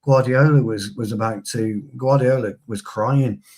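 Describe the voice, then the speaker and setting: A man's voice: mid-range voice, measured pace, darkish tone. A man co-hosting a casual football fan chat, bantering with his co-host. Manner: chatty, banter-filled, addresses co-host as pal.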